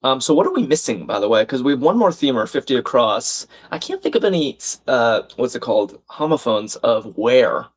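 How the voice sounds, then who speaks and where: A man's voice: mid-range voice, sing-song, a little fast, few pauses, husky. A man hosting a live crossword stream, thinking aloud, reading out viewers' chat comments and laughing often.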